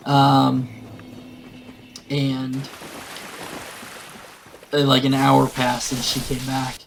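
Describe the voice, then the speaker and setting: A man casually retelling a tabletop game session. He rambles, with lots of fillers, at a middling pitch. Faint background noise sits behind his voice. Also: completely flat delivery, drawn-out words, gravelly. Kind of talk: casual storytelling.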